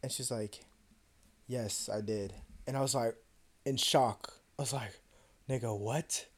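A young man co-hosting a podcast, telling a personal story in a casual, profane and animated way and acting out the other voices. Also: mid-range voice, a little slow. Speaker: podcast co-host.

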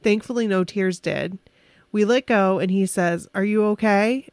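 A woman casually telling an excited, emotional story on a podcast, with restarts and quick bursts. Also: medium pitch, no room sound.

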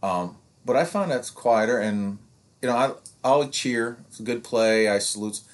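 A youth sports coach in his fifties co-hosts a podcast, chatting casually and rambling, restarting sentences and acting out things parents have said. His voice is medium in pitch and his pace is moderate.

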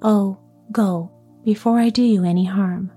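A woman's voice: mid-range voice, steady tone, a little slow, husky, faint music behind. A woman reading a heartbroken young lover. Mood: grieving. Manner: soft, sorrowful.

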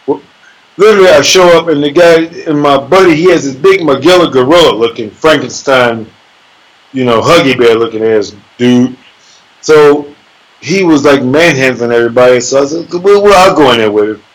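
Heard through a low-quality recording, a medium-pitched man recounts a sparring match casually. Profane and boastful, he laughs while talking and voices the punches with sound words.

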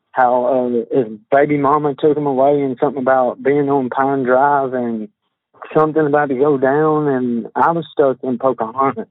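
A man's voice: medium pitch, no room sound. Drawling man on a phone line. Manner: halting, drawling, many fillers and restarts. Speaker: witness on a phone call. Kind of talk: phone interview, reading text messages aloud. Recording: tinny phone line, dry.

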